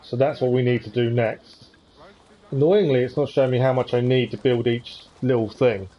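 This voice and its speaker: A man's voice: mid-range voice, moderate pace, muffled recording. A man giving casual commentary on a live gameplay stream, thinking aloud as he plays. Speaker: game streamer.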